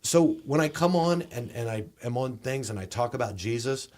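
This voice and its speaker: A male comedian with a Southern accent telling a story casually, with lively halting restarts. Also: medium pitch. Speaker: comedian and guest.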